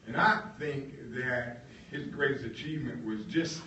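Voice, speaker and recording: A man giving a storytelling talk, halting with fillers and leaning hard on key words, heard from a distance in an echoey room. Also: mid-range voice, sharp tone, a little hiss or hum. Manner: halting, with many fillers and emphatic stresses. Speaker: guest speaker.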